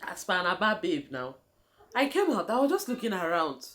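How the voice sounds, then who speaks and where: A woman's voice: lowish voice, big pitch swings, brisk, a bit bright. A young Nigerian woman with a Nigerian accent, telling a casual story to her viewers, laughing often and calling them guys. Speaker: vlogger.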